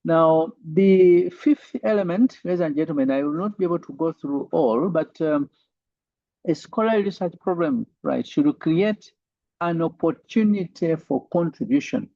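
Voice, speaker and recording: A man's voice: a little high, lively intonation, normal speed, creaky, mellow, no echo. Man lecturing over lo-fi call audio. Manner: repeats "right?" as a tag, many fillers. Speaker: university lecturer. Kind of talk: online lecture.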